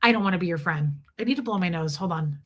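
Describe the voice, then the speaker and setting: A woman's voice: on the low side, expressive, fast. A woman hosting a casual livestream, telling a personal story in a candid, emphatic way. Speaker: livestream host.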